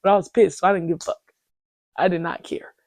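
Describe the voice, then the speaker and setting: A woman's voice: lowish voice, fast talker, dry recording. A woman in her twenties hosting a podcast, telling a story in a casual, slangy, profane way as she vents. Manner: animated, profane, slangy venting. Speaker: podcast host.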